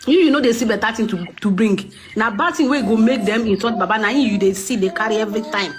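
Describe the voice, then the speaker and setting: Lively Nigerian woman, fast, slightly high, gossipy live-room talk. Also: a little hiss or hum. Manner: animated, mixes Pidgin and mimics others. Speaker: live audio room speaker. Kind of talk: casual gossip chat.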